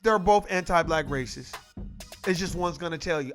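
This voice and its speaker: A man with a high voice holds forth on camera as an online commentator, emphatic and profane. He hammers his points through repetition in a casual, unscripted rant, with soft music underneath. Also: a little fast.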